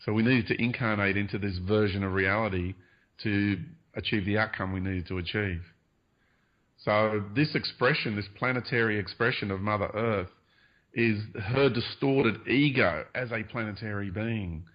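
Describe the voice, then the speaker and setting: Low-voiced guy on a radio show, earnest, lots of ums, muffled lo-fi audio. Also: fairly even intonation. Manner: earnest, hedging, many pauses and fillers. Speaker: guest. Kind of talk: spiritual interview talk.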